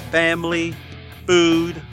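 A man co-hosting a podcast in casual, profane chat, blunt and quick to laugh. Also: on the high side, completely flat delivery, over music. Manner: blunt, swears freely, laughs often. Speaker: podcast co-host. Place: podcast studio.

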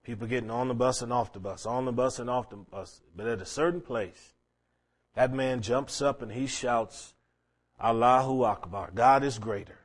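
A man's voice: medium pitch, normal speed. Man preaching a storytelling sermon. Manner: storytelling preacher, quoting scripture, swinging between hushed and raised.

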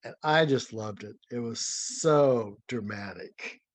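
An older man, a former ballet dancer, telling lively, dramatic stories as an interview guest. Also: medium pitch, slow, no echo. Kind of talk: anecdotal storytelling.

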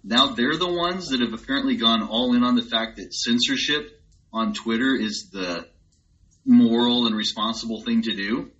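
A man's voice: mid-range voice, moderate pace, fairly bright tone, highs cut off. A man in casual conversation, talking in a reflective, agreeable way with many fillers.

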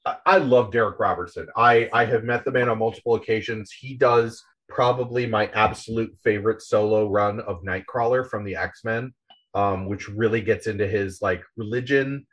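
A man's voice: fairly low pitch, normal speed, a bit bright, dull audio. A man hosting a casual podcast chat, animatedly retelling a comic plot and swearing freely. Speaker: podcast host.

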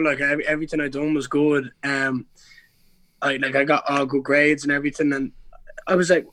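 A man's voice: on the high side, sharp tone, no room sound. A young Irish man in a casual podcast interview, telling stories in a rambling way with many restarts and slang. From Ireland. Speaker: guest, pro MMA fighter.

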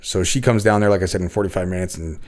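A man's voice: low-pitched, fast, darkish tone. A man in his thirties telling his own story in casual podcast talk, blunt and full of cursing and restarts.

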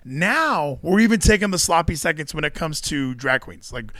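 Animated sarcastic man ranting. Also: a little high, normal speed, dry recording. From Texas. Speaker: co-host. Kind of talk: casual podcast chat.

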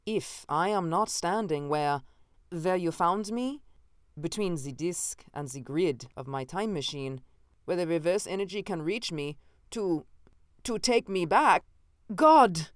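A man's voice: high voice, very slow, long pauses, mellow, clean tone, dry recording, clean studio sound. A narrator voicing a frantic male time-traveling inventor who pleads, then turns mocking. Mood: panicked.

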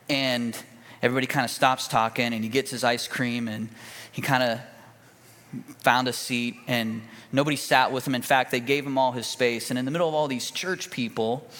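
Male pastor, mid-pitched, folksy storyteller with restarts, delivering a sermon in a reverberant church hall. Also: fairly bright tone. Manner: folksy, conversational, with fillers and restarts.

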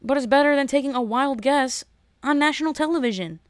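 A woman, ranting in a sarcastic, animated monologue that jumps between topics. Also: high voice, brisk, dry recording, clean studio sound.

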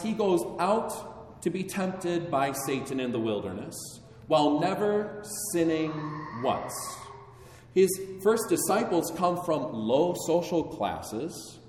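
A man preaching a sermon in a church, solemn and measured, building to stronger emphasis. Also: on the high side, a little mellow, distant mic, slight background noise. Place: church sanctuary. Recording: echoey hall, voice from afar.

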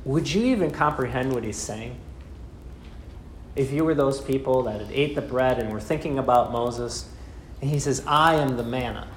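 A man preaching a sermon, asking rhetorical questions and slowing down with dramatic pauses. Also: mid-range voice, a little hiss or hum. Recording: echoey room with faint ambience.

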